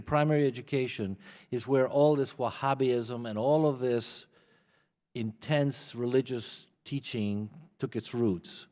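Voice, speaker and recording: A man's voice: medium pitch, darkish tone. A man giving testimony as a witness at a committee hearing, earnest and prone to repeating words as he begins a point. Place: large hearing room. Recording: long hall reverb.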